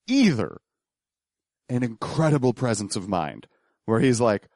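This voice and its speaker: Guy cohosting a podcast, lively up-and-down voice, dry close sound, keeps restarting sentences. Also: medium pitch, unhurried, dry recording. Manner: explains at length, with lots of restarts and acted-out quotes. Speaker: podcast co-host. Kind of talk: casual commentary chat.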